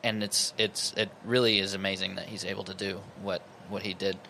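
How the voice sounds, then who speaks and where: Bright-toned low-voiced male guest. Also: little pitch movement, a little fast, gravelly, slight background noise. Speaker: guest musician. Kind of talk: casual podcast chat.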